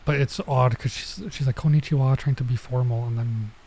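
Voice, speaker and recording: A man's voice: mid-range voice, steady tone, brisk, darkish tone, husky. A man running a casual Japanese lesson, reading manga lines aloud and translating them with lots of filler words. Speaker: vtuber teaching Japanese.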